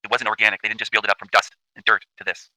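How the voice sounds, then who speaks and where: A man from Canada rants at a breakneck pace, cursing and circling back to the same points again and again. His tone is bright and sharp, and he sounds dry and close to the mic. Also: lowish voice, level tone, rapid-fire, no echo, low-quality recording. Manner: emphatic, profane, repetitive. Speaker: channel host. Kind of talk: ranting commentary over video.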